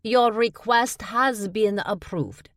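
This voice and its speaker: A woman voicing a cheerful young female messenger in an audiobook, high and chirpy. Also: slow, no echo, studio quality, lightly acted.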